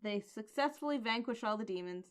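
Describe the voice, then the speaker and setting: A woman's voice: fairly high pitch, animated, fairly quick, smooth. A woman co-hosting a casual podcast, recapping comics in a playful, amused way. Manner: playful, amused, quotes characters in a light voice. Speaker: podcast co-host.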